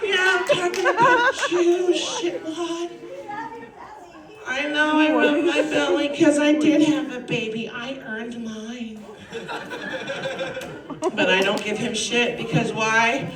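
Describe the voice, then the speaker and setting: A woman in her forties doing stand-up comedy, brash and profane, ranting with loud outbursts. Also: sits high, slow, pauses often, a crowd in the background. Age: 40s. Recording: roomy club, distant mic, audience.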